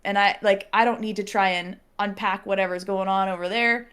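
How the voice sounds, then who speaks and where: A young woman in casual chat, telling a personal story with lively acted-out quotes and frequent laughter. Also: mid-range voice, fairly quick, clean tone. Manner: animated storyteller, acts out quotes, laughs often. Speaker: podcast guest.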